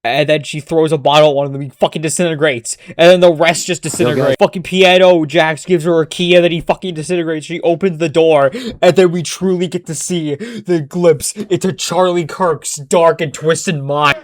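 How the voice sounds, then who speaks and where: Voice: medium pitch, steady tone, moderate pace, hardly any pauses, no echo. A commentator rants about a cartoon in a casual, profane and exasperated way, full of sarcastic asides. The recording is dry and close, with no room sound.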